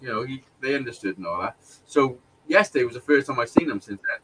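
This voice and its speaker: A man's voice: medium pitch, animated, fast, distant mic, noisy background. A man telling a long personal story in casual chat, sweary and rambling, with frequent restarts and laughs.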